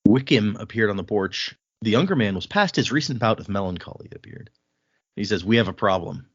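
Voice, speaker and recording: A man co-hosting a casual book podcast, recapping the plot in a chatty way and acting out quick bits of dialogue. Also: fairly low pitch, lively intonation, breathy edge, no echo, lo-fi sound. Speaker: podcast co-host.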